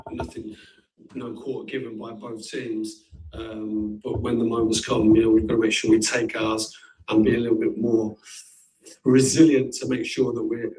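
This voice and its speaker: A man speaking as a football manager in a post-match interview, measured and plain-spoken. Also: lowish voice, level tone, warm tone. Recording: distant mic.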